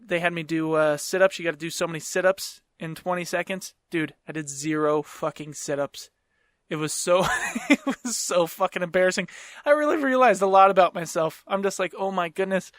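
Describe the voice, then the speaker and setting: Brief: young man, slightly high voice, swearing casual storyteller, dry close mic. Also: fairly bright tone, dry recording. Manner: profane, rambling, self-mocking. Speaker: podcast host.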